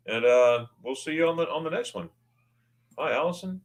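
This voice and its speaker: A man hosting a casual livestream, greeting viewers by name and reading their comments, excitable and often stammering as he restarts his words. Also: on the high side, moderate pace. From United States. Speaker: livestream host.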